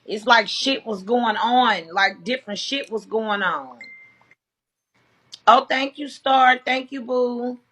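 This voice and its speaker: Loud, heated woman streamer, slow and bright. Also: a little high, slightly rough. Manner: loud, profane and heated, addressing viewers. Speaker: livestream host. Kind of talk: casual livestream commentary.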